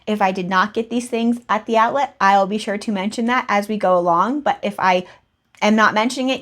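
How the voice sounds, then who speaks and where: Young woman vlogger, slightly high voice; casual, chatty sales recap full of tangents. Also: a bit bright. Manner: chatty, rambling asides, laughs at herself. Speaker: reseller vlogger.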